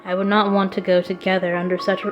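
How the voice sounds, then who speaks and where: A woman's voice: mid-range voice, level tone, fast talker, music in the background, close to an everyday voice, low-quality recording. A woman reading aloud as a stiff, formal and shy young prince in a visual novel. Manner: formal, stilted speech.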